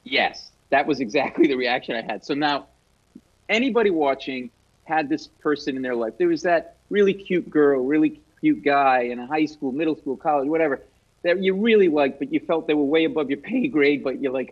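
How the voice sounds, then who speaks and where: Animated comic storyteller man, higher voice. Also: a little fast, lo-fi sound. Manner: animated, self-mocking storyteller. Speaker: guest comedian.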